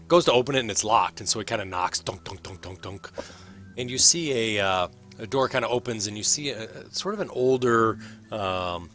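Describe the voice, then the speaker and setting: A man narrating a tabletop game as game master, rambling with many pauses and fillers. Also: on the low side, bright, forceful tone.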